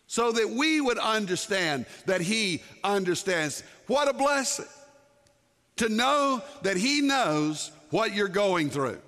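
A man preaching a sermon, emphatic, dropping to soft low asides and rising to lifted exclamations. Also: sing-song, slow pace, long reverb tail. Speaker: pastor.

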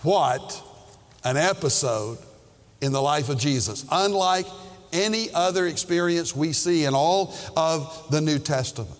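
Slow, emphatic preacher with hall reverb. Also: male voice, on the high side, lively intonation. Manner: slow, emphatic preaching with rhetorical questions to the congregation. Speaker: pastor. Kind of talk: sermon.

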